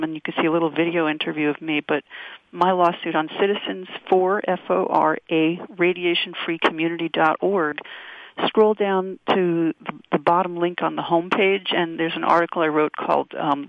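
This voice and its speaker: Gravelly woman on a tinny phone line. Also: lowish voice, no room sound. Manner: halting, many restarts and fillers. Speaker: activist guest. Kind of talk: phone-in radio interview.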